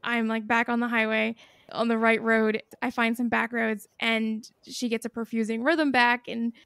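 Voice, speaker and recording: A woman hosting a podcast, telling a story in an animated, casual way, swearing freely and laughing as she goes. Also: fairly high pitch, moderate pace, vocal fry, smooth, dry recording, studio quality. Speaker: podcast host.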